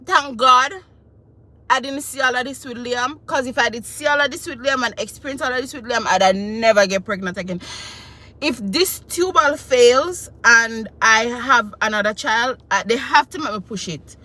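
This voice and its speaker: A woman, telling a personal story in a casual, animated and emotional way. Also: on the high side, moderate pace. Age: 20s. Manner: animated, emotional retelling with quoted voices. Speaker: vlogger.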